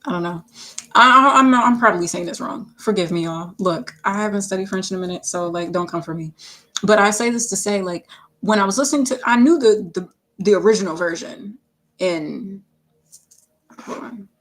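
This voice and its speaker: A woman's voice: medium pitch, normal speed, fairly bright tone. A woman who makes music, chatting casually on a livestream, rambling with lots of fillers, self-corrections and playful asides. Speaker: singer-songwriter livestreaming her work.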